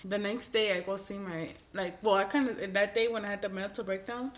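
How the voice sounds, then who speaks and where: A woman's voice: mid-range voice, fairly even intonation, a little fast. A woman in casual chat, telling a personal story earnestly and acting out quotes.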